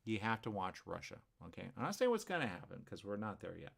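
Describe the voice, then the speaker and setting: A man's voice: fairly low pitch, sing-song, quick pace, gravelly, a bit bright. A man hosting a talk show, rambling in a casual monologue, repeating himself and checking in with viewers.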